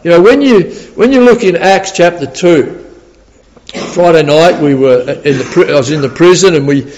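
A man's voice: fairly high pitch, moderate pace, darkish tone, muffled recording, slight background noise. Chuckling preacher man in a reverberant hall. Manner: chatty storytelling, laughs often, repeats words. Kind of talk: sermon.

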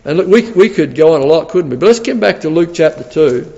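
A man preaching a sermon in an animated way. He often repeats words and restarts, and asks the congregation questions. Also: fairly high pitch, fairly quick, gravelly, lo-fi sound. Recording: long reverb of a large hall.

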